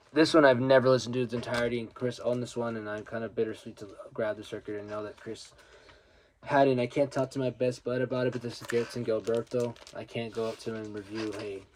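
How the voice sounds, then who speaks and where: Young man, low voice, casual rambling record vlogger, faint hiss. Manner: rambling, storytelling, swears casually. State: grieving a friend. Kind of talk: casual vinyl haul chat.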